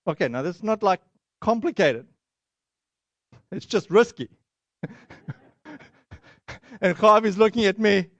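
A man preaching a sermon and telling a personal story, animated, acting out the voices he quotes. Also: high voice, measured pace, pauses often, dry recording. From Boston area.

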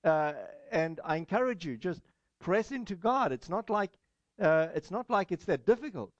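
A pastor giving a sermon, measured and encouraging, pausing often with "uh". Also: male voice, high voice, lively intonation, dry recording, highs cut off. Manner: measured, many "uh" fillers, encouraging.

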